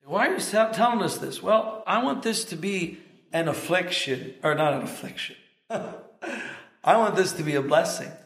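A middle-aged man preaching a sermon, emphatic, leaning hard on stressed words between measured pauses. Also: sits high, lively intonation, creaky, reverberant. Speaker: pastor.

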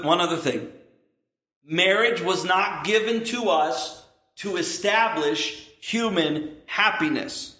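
A man in his thirties preaches an earnest, emphatic sermon with asides to the congregation. His voice sits a little high for a man. The recording carries the echo of a church room. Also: pushed and bright. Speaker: pastor.

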